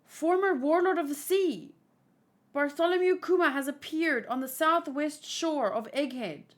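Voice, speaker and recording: A woman voicing a panicked male soldier, reporting urgently and loudly while reading a comic aloud. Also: high voice, a little slow, voice pushed up. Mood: alarmed. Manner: urgent, alarmed, loud.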